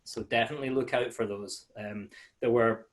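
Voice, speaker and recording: A man's voice: mid-range voice, steady tone, normal speed. A man giving a casual webinar presentation over a video call, friendly and chatty with many fillers and restarts. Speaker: malt sales manager giving a webinar.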